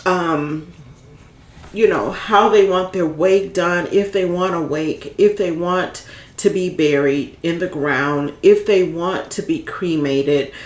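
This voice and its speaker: A woman talks straight to her viewers with casual, heartfelt advice. Her voice sits a little low, and she rambles and circles back over her points. The room around her is echoey. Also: takes it slowly. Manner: heartfelt, rambling, repeats herself, gets emotional. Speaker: vlogger giving end-of-life planning tips. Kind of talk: casual advice talk to camera.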